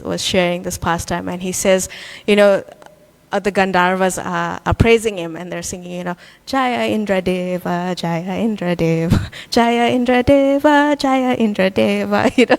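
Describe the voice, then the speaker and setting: A woman teaching a devotional scripture class, telling a story in a lively way with many fillers. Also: medium pitch. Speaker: class speaker.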